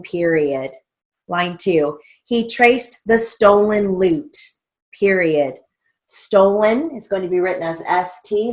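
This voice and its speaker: Middle-aged female stenography instructor; low-set voice, very slow, methodical dictation with letter-by-letter spelling. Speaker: stenography teacher. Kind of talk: recorded theory lesson.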